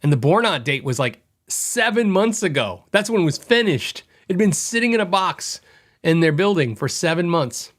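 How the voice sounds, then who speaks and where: Chatty man with a fairly high voice telling a story. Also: moderate pace. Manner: chatty, animated retelling with quoted dialogue. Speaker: podcast host. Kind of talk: casual storytelling monologue.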